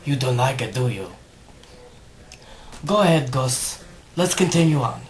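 A man's voice: mid-range voice, expressive, unhurried. A man voicing a self-important fairy godmother woman who scolds in a formal tone. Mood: commanding.

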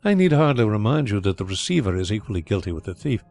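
A man voicing a suave, genial blind gentleman detective, speaking calmly and thoughtfully. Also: lowish voice, fast, soft background music. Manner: calm, thoughtful, smoothly assured.

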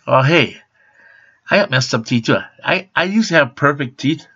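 Gravelly, aggrieved man in his fifties. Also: fairly high pitch, animated, normal speed, bright, forceful tone. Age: 50s. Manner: swearing constantly, aggrieved and blunt. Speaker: vlogger. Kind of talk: angry rant to camera. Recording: dull lo-fi webcam sound.

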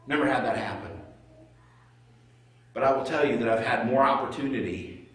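A middle-aged male pastor preaching a sermon as a conversational story, swinging between loud and hushed. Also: medium pitch, moderate pace. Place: church sanctuary. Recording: echoey church room, voice from far off.

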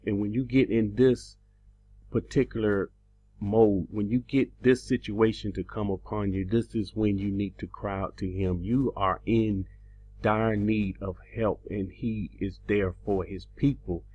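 A man delivering a teaching sermon, slow and emphatic, his pitch rising on the words he stresses. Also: fairly even intonation, mellow, lo-fi sound. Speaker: preacher.

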